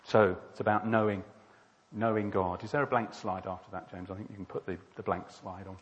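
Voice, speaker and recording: A man's voice: on the low side, fairly even intonation, fairly quick, highs cut off. A man preaching a sermon, telling a story and chatting with asides in a conversational way. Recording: long hall reverb.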